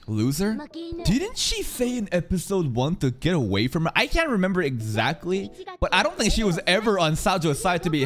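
A man reacting live to an anime episode, excitable and profane, talking back at the screen. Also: high-pitched, a little fast.

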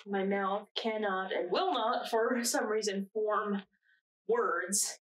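A young woman acting a shaken narrator in a dramatic monologue, speaking slowly and haltingly with long pauses. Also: mid-range voice, fairly even intonation, close to an everyday voice. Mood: haunted. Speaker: narrator recounting her own ordeal. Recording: distant mic with faint noise.

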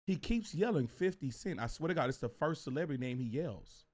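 A man's voice: fairly high pitch, a little fast. A man streaming live, telling a story to his chat in a casual, profane way. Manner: animated and profane, talks straight to viewers.

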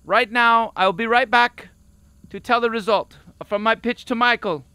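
An actor playing an excitable male game designer who speaks broken English, talking loudly and high-strung. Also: unhurried, clean tone, no echo, heavily acted. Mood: eager. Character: excitable man designer pitching a silly game. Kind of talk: video game voice acting.

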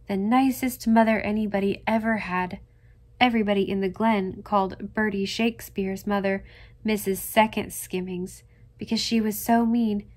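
A woman reading a classic novel aloud as narrator, gentle and measured. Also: medium pitch. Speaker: audiobook reader. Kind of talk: scripted narration.

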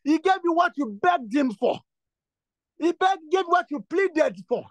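A man's voice: very high voice, lively intonation, a little slow, dry recording. A man leading a prayer session, preaching and praying in an insistent, repetitive way that builds to fervent bursts. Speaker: prayer leader. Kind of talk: exhortation and spoken prayer.

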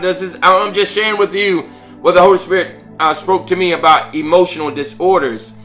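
A man's voice: on the high side, pushed and bright. A man leading a prayer call, preaching fervently, repeating himself with stammered restarts and calls of praise. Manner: interjects "glory to God" and "hallelujah".

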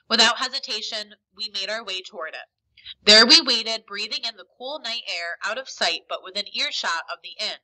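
Woman teacher, expressive read-aloud, very bright mid-pitched voice. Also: poor audio. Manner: expressive storytelling. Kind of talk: reading a novel aloud for a lesson.

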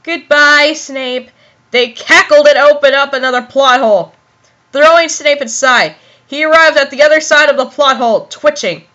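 A woman's voice: high voice, normal speed, a bit bright, highs cut off. A young woman giving a comic dramatic reading of a fan story, giggling and exclaiming as she goes. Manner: giggly, exclaiming, self-interrupting. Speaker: reader of fan fiction.

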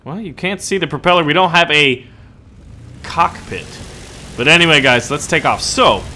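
A man's voice: fairly high pitch, normal speed, bright, forceful tone, a little hiss or hum. Upbeat man on a gaming channel. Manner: upbeat and joking. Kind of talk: flight game commentary.

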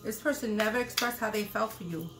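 A woman's voice: mid-range voice, fast talker, music in the background. A woman doing a casual tarot reading, blunt and profane, repeating her points. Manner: acts out quoted lines loudly. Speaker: tarot reader.

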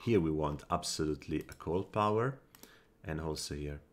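Deep-voiced male game commentator at his desk mic, musing and tallying out loud, short bursts of frustration. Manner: thinks aloud, counts under his breath, quick flashes of annoyance. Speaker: gameplay commentator. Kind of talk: casual strategy game commentary.

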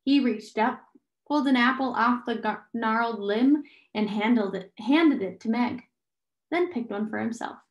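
Lady reading a book aloud, steady, kinda high, roomy echo. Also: moderate pace, lo-fi sound. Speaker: reader.

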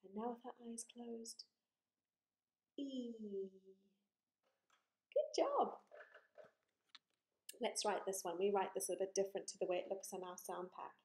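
A woman teaching a phonics lesson to young children, drawing out vowel sounds slowly and praising often. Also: medium pitch, animated, darkish tone. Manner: slow, encouraging, exaggerated vowel sounds. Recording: echoey room.

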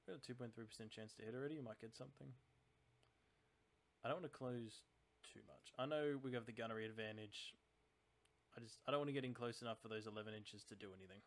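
A man hosting his channel, giving casual let's-play commentary and thinking aloud about tactics in a chatty, analytical way. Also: medium pitch. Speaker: channel host playing a naval strategy game.

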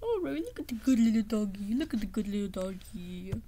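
A woman's voice: mid-range voice, a little fast. Gumby, a woman doing a cheerful clay boy. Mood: excited. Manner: stammering, excited baby talk to a pet. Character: cheerful clay boy, carefree and thoughtless toward his friend. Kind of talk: home toy play-acting.

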